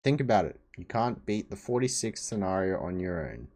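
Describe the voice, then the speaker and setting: A man's voice: low voice, animated, normal speed, darkish tone. A man reading a webtoon aloud, voicing a desperate self-styled male prophet who is a severed head, pleading and insistent. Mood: persuasive. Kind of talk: webtoon read aloud on a live stream.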